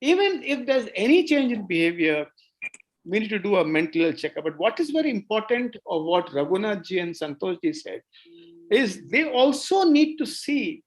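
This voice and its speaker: Doctor listing warning signs calmly. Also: mid-range voice, rough recording. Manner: measured, lists points one by one. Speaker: doctor on a panel. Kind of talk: expert explanation.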